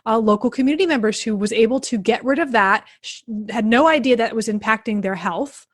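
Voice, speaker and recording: A woman with a South Central Pennsylvania accent hosting a casual podcast chat, animated and playful as she tells stories. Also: on the high side, a little fast, no echo, studio quality. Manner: chatty, animated, playful storyteller. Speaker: podcast host.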